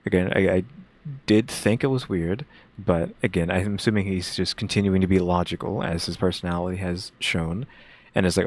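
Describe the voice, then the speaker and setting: A man with a very low, gravelly voice gives casual reaction commentary. He thinks aloud, stops and restarts, and circles back to his points. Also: steady tone, moderate pace. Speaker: reaction co-host.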